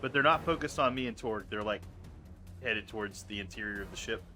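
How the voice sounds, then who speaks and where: A man with a low but very bright, forceful voice, thinking aloud hesitantly as he plans his move at a tabletop game. Faint music runs underneath. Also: fairly quick. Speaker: player.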